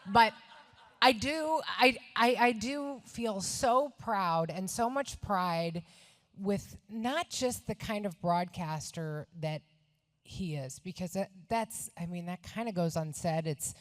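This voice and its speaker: A woman giving an emotional, affectionate tribute speech at a podium, halting and restarting as she speaks. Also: medium pitch. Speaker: speaker introducing the honoree. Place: resort event room.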